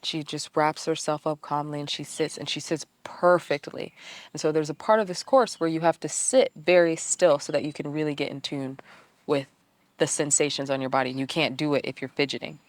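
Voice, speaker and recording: A woman vlogger telling a personal story in a candid, self-mocking way with lively asides. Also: deep voice, fairly quick, no room sound.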